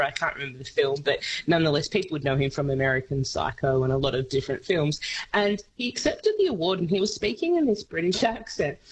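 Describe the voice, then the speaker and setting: Guest: woman, low voice, swings wide in pitch, faint room noise behind. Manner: animated, laughing storyteller. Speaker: radio guest on film. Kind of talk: casual radio chat.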